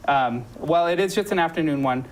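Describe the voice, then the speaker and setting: A woman's voice: low-pitched, fairly quick, slight background noise, low-quality recording. A woman hosting a local talk show, chatting casually with lots of ums and restarts. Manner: chatty, many ums and self-corrections. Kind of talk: casual promotional chat.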